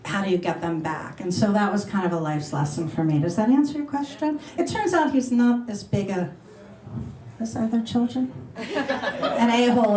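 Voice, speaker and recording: A woman's voice: medium pitch, dark tone. A middle-aged woman radio host chatting and taking questions at a restaurant luncheon, bubbly and laughing. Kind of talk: casual talk and Q&A with an audience. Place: restaurant dining room. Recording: roomy live event recording.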